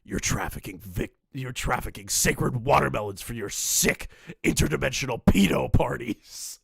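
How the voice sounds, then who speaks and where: A man's voice: mid-range voice, expressive, normal speed, creaky, a bit bright, breathy edge, dry recording, clean studio sound, exaggerated voice. A man voicing a paranoid male conspiracy vlogger who speaks through a voice disguiser, with theatrical accusations. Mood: accusing.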